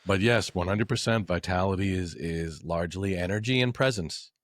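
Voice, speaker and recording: Deep-voiced coaching man in his forties. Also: normal speed, dry recording, clean studio sound. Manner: emphatic, coaching delivery. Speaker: men's coach. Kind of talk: podcast conversation.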